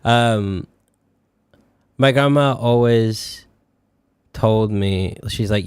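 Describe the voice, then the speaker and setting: A man's voice: lowish voice, steady tone, slow, long pauses, darkish tone, clean tone, dry recording, clean studio sound. A young man with a Yorkshire accent, tinged with a Scottish and posh mix, chatting casually on a live stream, rambling and sweary with lots of fillers. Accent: Yorkshire, with a slight Scottish and posh mix. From northern England. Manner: rambling, sweary, laughs often, many fillers. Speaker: VTuber streamer.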